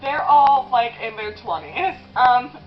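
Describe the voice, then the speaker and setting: A woman's voice: fairly high pitch, animated, takes it slowly, muffled recording, soft background music. A woman in her twenties talking in a confessional vlog while eating, rambling with lots of "um" and "like", and tearful at times. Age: 20s. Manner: rambling, with many "um" and "like" fillers. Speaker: vlogger.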